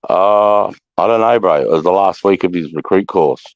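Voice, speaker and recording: An Australian man in his thirties telling rough army stories in casual chat, swearing constantly and loudly mimicking people. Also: deep voice, normal speed, dry recording, muffled recording. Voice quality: coarse, swears constantly, loud impersonations. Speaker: podcast co-host, ex-army instructor.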